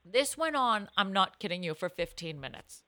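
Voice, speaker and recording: Bright-voiced woman telling stories. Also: mid-range voice, normal speed. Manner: animated, self-mocking storyteller. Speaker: podcast co-host. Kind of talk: casual chat.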